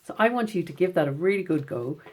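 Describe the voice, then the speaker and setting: A low-pitched woman teaches schoolchildren in a gentle, encouraging tone. She reads her poems out slowly and with care. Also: animated. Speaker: poet teaching children. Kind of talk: recorded lesson for schoolchildren.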